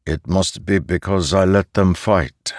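A man voicing a calm farmer who oversees soldiers in an audiobook; the voice is kindly and soft, and he speaks slowly and reassuringly. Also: sits low, no room sound, studio quality. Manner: slow, measured and reassuring. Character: calm middle-aged male farmer overseer, kindly but firm.

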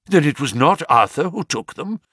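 A man voicing a distraught, excitable middle-aged banker who breaks into high-strung outbursts, read as an audiobook. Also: moderate pace, breathy edge, no room sound, studio quality, full character voice. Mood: frantic. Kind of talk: audiobook character reading.

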